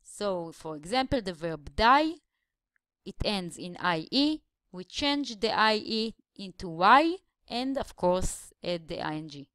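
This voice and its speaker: A woman's voice: mid-range voice, big pitch swings, a bit bright, smooth, no echo, clean studio sound. Woman teaching English grammar. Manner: explains slowly, stretching syllables to show stress. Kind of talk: grammar lesson voice-over.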